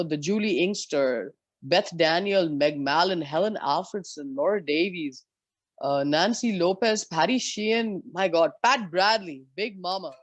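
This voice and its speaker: A woman in her forties from India, a former professional golfer, telling lively and candid stories as an interview guest. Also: fairly low pitch, no echo, highs cut off. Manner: lively, candid anecdotes with frank swearing. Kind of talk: storytelling in a conversation.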